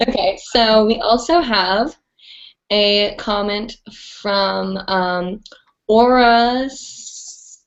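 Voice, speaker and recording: A woman's voice: medium pitch, very slow. A woman hosting a live online chat show, bubbly and chatty with lots of "like"s. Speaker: host. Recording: dull lo-fi stream audio.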